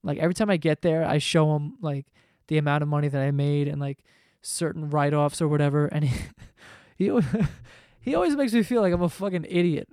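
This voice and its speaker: Male vlogger, 20s, slightly high voice, profane rambling rant. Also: a little fast, darkish tone, smooth, no echo, studio quality. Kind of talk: casual rant to camera. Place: home room below living room.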